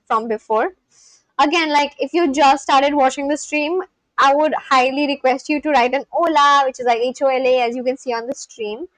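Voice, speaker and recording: A woman from Kolkata, West Bengal, India, streams live while learning a language, speaking phrases aloud and then translating them in casual chat. Her voice sits high, and the audio is poor with no echo.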